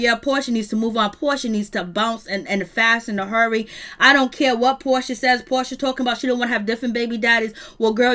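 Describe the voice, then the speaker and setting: A woman hosting a live review of a reality show, talking in an animated, gossipy and sassy way. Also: fairly high pitch. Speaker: reality TV recap host.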